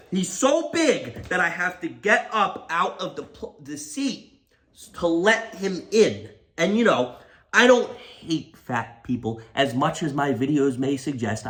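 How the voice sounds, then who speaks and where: A young man telling a comedic storytime rant in an animated, exaggerated, mocking way. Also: fairly high pitch. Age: young adult. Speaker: comedy YouTuber.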